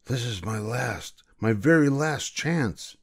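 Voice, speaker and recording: A man's voice: medium pitch, expressive, moderate pace, a little mellow, no echo, clean studio sound, voice pushed up, close to an everyday voice. A man voicing a polite, earnest young boy in a storybook reading. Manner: earnest and eager.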